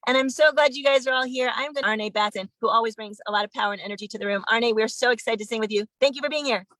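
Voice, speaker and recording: A woman hosting an online sing-along, warmly greeting viewers one by one over a phone video call. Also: a little high, rapid-fire, no room sound, poor audio. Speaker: host.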